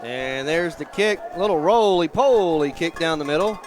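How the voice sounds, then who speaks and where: A man doing folksy play-by-play for a high school football broadcast outdoors, chatty and jumping up on big plays. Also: expressive, moderate pace. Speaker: play-by-play announcer. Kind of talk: local sports commentary. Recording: outdoor broadcast with clear ambient noise.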